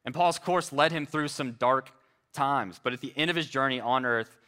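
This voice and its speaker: Male pastor, sermon delivery, earnest and emphatic, bright tone. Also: smooth. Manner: earnest preaching, slows and drops low on key phrases.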